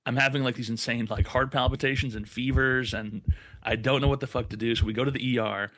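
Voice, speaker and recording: Young male podcast co-host, mid-pitch, retells a story with lots of swearing and quoted voices, dry close sound. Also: steady tone, fast, fairly bright tone, no echo. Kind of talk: casual storytelling.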